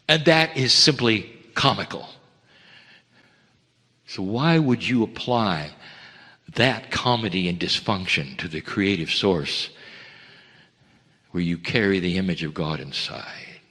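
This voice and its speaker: A man delivering a channeled spiritual message in slow, heartfelt, broken phrases, rising to emphatic lines and dropping to hushed ones. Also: lively intonation, slightly rough. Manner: swings between raised emphatic lines and hushed low ones. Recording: long reverb of a large hall.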